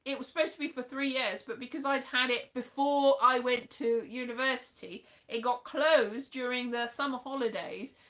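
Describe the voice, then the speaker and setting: High, bright British woman rambling. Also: steady tone, normal speed, few pauses. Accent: British English. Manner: rambling, chatty storytelling. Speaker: livestream host. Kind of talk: casual chat with live viewers.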